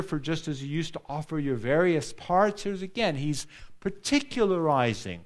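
A male pastor delivers a sermon in an earnest, direct way. His voice sits a little higher than most men's. He leans on repetition for emphasis and turns often to ask his listeners questions. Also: darkish tone. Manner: earnest, repeats phrases for emphasis; addresses a congregation directly with questions.

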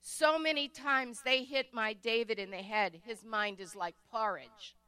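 A woman's voice: a little high, measured pace, bright, forceful tone, clear, resonant tone. A woman voicing a grieving father speaking plaintively about his hurt son, in a storybook reading. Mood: bitter.

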